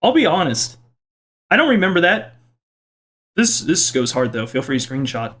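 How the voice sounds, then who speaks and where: In his home kitchen, a young man casually reads viewer comments from his video aloud and jokes about them. He sounds very animated and a bit bright, playful and self-mocking, with quick swings in pitch.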